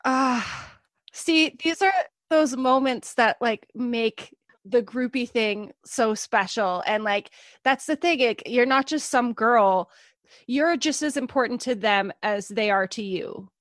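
Slow-talking woman host, dry sound. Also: on the high side, dry recording. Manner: warmly reacting, sympathetic. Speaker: podcast host. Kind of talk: casual chat.

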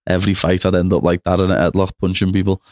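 A man's voice: low-pitched, completely flat delivery, fast talker, a little mellow, dry recording, studio quality. A young man with a Liverpool accent, chatting as a podcast guest and tagging on "know what I mean". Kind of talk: casual chat.

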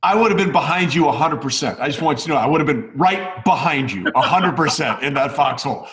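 A man's voice: fairly high pitch, animated, fast talker, fairly bright tone. A man hosting a casual sports interview, setting up stories for his guest in a conversational way. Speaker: podcast host. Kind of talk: interview questions.

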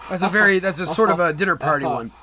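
A man's voice: high-pitched, racing, sharp tone. A young man co-hosting a casual podcast about films, rambling and quoting favorite movie lines. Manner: rambling, quotes movie lines in put-on voices. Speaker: podcast co-host. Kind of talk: casual film chat.

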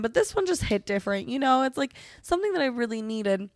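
Talking fast with hardly a pause, a young woman with a slightly high voice and big swings in pitch hosts her podcast. She vents openly and casually, cursing frequently and leaning hard on "like." It's studio quality, without echo.

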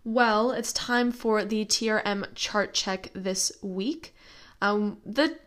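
A woman co-hosting a podcast, chatting casually, reacting quickly and reading out chart rankings. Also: medium pitch. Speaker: podcast co-host. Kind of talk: casual chat.

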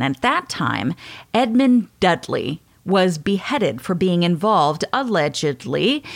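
A woman hosting a podcast, telling a story in a chatty way and laughing often. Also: fairly low pitch. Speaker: podcast host. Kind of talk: casual storytelling chat.

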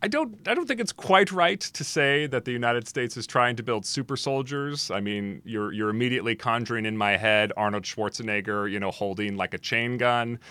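Speaking as the guest expert in a podcast interview, a man talks in an animated, emphatic way, full of quick restarts and asides. His mid-range voice is smooth, with no room sound.

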